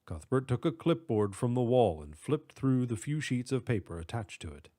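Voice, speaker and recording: Man narrating a storybook, steady. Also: medium pitch, normal speed.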